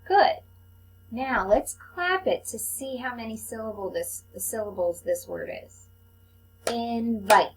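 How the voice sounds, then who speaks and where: A woman teaching a phonics lesson to young children, sounding out letters slowly and patiently. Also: on the high side, animated, slight background noise, poor audio. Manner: slow, patient, clearly enunciated teacher talk.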